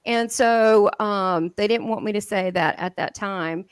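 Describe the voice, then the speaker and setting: A woman with a Southern American accent telling stories in an interview, lively and laughing often, with many restarts. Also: mid-range voice, measured pace, smooth, no echo. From southern United States. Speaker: guest medium. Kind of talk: animated storytelling in an interview.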